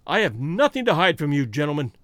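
A man voicing a brash, grieving American outlaw who talks loud and defiant, with an American accent. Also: a little high, sing-song, quick pace, dry recording, studio quality.

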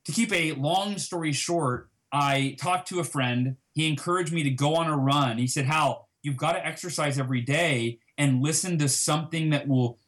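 A man telling a personal story as an interview guest, acting out past conversations with lively emphasis. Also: a little high, normal speed, few pauses. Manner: animated, reenacts dialogue with emphasis.

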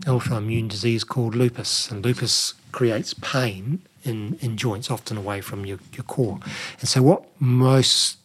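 Husky middle-aged man explaining nutrition. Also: fairly low pitch. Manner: explanatory, many "you know" fillers. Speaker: nutrition expert guest. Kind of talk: conversational interview.

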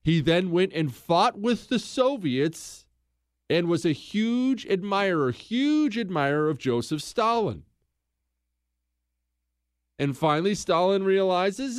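A man hosts a history show in a casual, storytelling way. He talks slowly and his pitch leaps all over as he mocks the figures he describes. The sound is dry and close. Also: no room sound. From United States. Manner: sarcastic, animated, acts out quotes. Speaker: podcast host.

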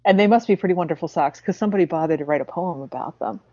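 A woman interviewing a guest in casual conversation, expressive and chatty, often restarting her sentences. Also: fairly low pitch, very fast, breathy edge, no echo. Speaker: interviewer and writer. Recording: dull dry lo-fi recording.

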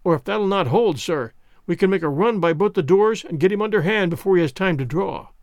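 A man's voice: high voice, lively intonation, brisk, a little mellow, no echo, studio quality. A man reading an audiobook, voicing a scheming ship captain who coaxes a boy with sly promises. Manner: coaxing and sly.

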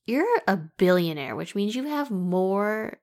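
A woman's voice: medium pitch, animated, measured pace, darkish tone. A young woman chatting casually and sarcastically about a film, joking and laughing as she goes. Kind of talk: casual chat, film review.

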